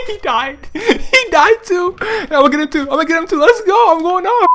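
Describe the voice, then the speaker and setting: A young man giving excited gameplay commentary, laughing, gasping and repeating himself as he plays. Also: very high voice, brisk, a little hiss or hum. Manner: excitable, laughs and gasps often, repeats phrases. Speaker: gaming YouTuber. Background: background music.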